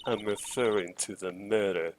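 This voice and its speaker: A man's voice: fairly low pitch, normal speed, noisy background, voice pushed down, close to an everyday voice. A man voicing a smug female lunch seller from a video game, speaking in a nasal, put-on British accent in a posh, teasing manner. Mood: sultry smug.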